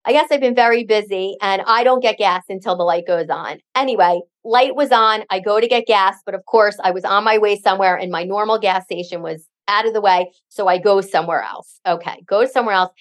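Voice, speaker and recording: A middle-aged woman co-hosting a podcast, telling a story in a chatty, animated way with lots of fillers. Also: mid-range voice, a little fast, hardly any pauses. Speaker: podcast co-host. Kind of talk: casual chat, storytelling.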